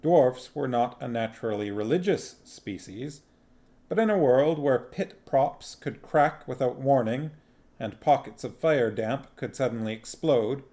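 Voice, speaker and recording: A man reading a novel aloud on a stream, narrating in a slow, deliberate way. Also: mid-range voice, warm tone. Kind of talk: audiobook-style narration.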